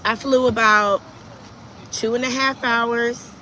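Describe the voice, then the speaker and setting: A woman's voice: a little high, steady tone, slow, bright, forceful tone, a little hiss or hum, low-quality recording. A woman hosting a casual livestream, chatting and reading viewer comments aloud as she answers them. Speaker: livestream host.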